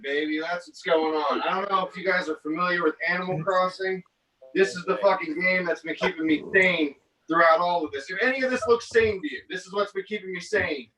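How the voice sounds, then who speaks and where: Profane rambling man, bright and high. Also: recorded from a distance, rough recording. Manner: rambling, profane, self-mocking. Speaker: stand-up comic. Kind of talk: stand-up set over online stream. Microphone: headset.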